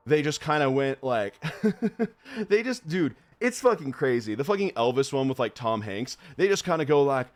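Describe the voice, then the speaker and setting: A young man streaming a horror game live, rambling off on tangents with frequent swearing and laughter, and reading the on-screen text aloud quickly. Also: medium pitch, big pitch swings, dry recording. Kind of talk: live gameplay commentary.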